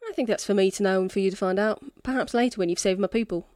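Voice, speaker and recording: A woman voicing a drunk, laid-back man who schemes in a tavern, in a put-on accent with a slow, teasing drawl. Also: mid-range voice, mellow, no echo, clean studio sound, natural voice. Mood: flirty. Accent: put-on accent, not her own.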